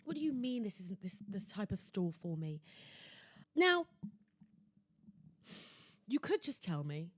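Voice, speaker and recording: A woman's voice: a little high, a little mellow, no room sound, clean studio sound. A young woman hosting her own podcast, ranting theatrically and sarcastically about shopping. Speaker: podcast host. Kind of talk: casual solo podcast rant. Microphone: laptop setup at home.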